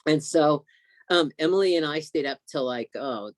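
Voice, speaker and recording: A man telling an excited, emotional story as a guest on a video call, acting out what others said. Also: fairly high pitch, normal speed, no room sound. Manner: excited, emotional storyteller who acts out quotes.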